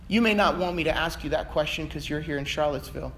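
A man preaching a sermon, swinging between fervent shouting and quiet, conversational asides. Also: on the high side, fairly even intonation, quick pace, few pauses, slight background noise. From Virginia, USA. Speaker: pastor.

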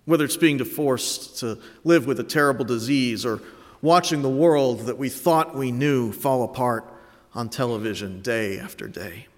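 A man in his late thirties from Connecticut preaching an Easter sermon, telling a story with reflective warmth and dry self-mocking humor. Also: mid-range voice, normal speed, in a large hall. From Connecticut, USA. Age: late 30s. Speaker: pastor.

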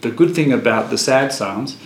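A man's voice: medium pitch, lively intonation, normal speed. A man leading a casual Bible study, chatty and laughing, often restarting his sentences. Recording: echoey room with faint noise.

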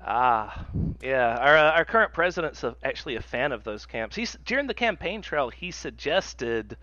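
A man's voice: mid-range voice, big pitch swings, moderate pace, sharp tone, no room sound. Man with a dull, lo-fi podcast mic sound. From United States. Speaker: podcast co-host. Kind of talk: casual chat.

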